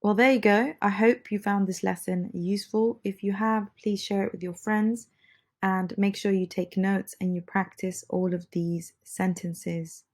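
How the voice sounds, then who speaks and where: A woman teaching an English lesson, feeling a little under the weather, repeating phrases slowly and patiently for learners. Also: medium pitch, fairly even intonation, darkish tone. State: under the weather, slightly congested.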